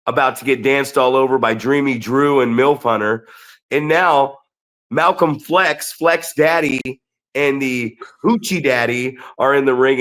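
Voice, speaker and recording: Man, podcast co-host, animated, excitable, restarts a lot, middle pitch. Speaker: podcast co-host and wrestling promoter. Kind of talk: casual storytelling chat.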